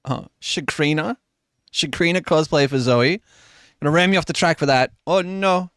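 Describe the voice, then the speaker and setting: A man's voice: fairly high pitch, normal speed, a bit bright, no echo, clean studio sound. A man casually chatting while live-streaming, sick with influenza and coughing, joking and teasing as he talks.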